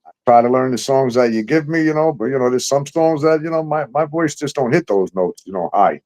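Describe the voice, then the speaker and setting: A man's voice: medium pitch, lively intonation, fairly quick, a little mellow, rough recording. A man hosting a casual talk show, ranting heatedly and swearing a lot. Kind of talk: casual profane chat.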